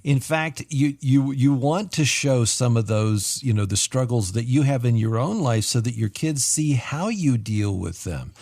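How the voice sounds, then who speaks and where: Male radio co-host, mid pitch, measured and smooth, dry studio. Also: darkish tone, no room sound. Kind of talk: radio interview.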